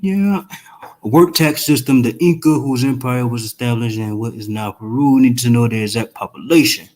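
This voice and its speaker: A man ranting on a casual live stream, profane and emphatic, firing off rhetorical questions in quick rambling bursts. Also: mid-range voice, darkish tone. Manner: fast rambling outbursts.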